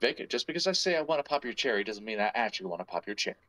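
A man's voice: fairly low pitch, big pitch swings, rapid-fire, a bit bright, a little hiss or hum, low-quality recording. A man hosting a podcast, rambling and joking crudely in casual banter. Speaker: podcast host.

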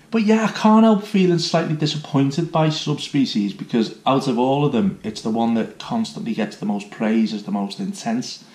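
A man's voice: mid-range voice, a little mellow. An enthusiastic man, chatting casually as he reviews a theme park. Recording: roomy echo.

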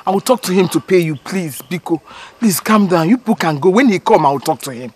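A woman's voice: lowish voice, expressive, fast, darkish tone, lightly acted. A woman playing a fiery scolding Nigerian wife. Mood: pleading. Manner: scolding, mixing in Igbo words. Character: fiery middle-aged wife, loud and scornful.

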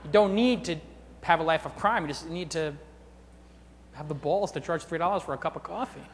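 A man's voice: fairly high pitch, a little fast, a little hiss or hum. Blunt, irreverent man giving a keynote. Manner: blunt, irreverent, with sarcastic asides. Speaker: keynote speaker. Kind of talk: conference keynote talk. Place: large convention hall. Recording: long reverb of a big hall.

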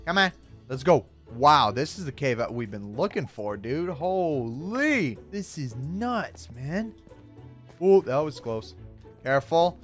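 A young man hosting a Minecraft let's-play, excitable, gasping and shouting at surprises. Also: on the high side, slow. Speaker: gaming YouTuber host. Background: faint background music.

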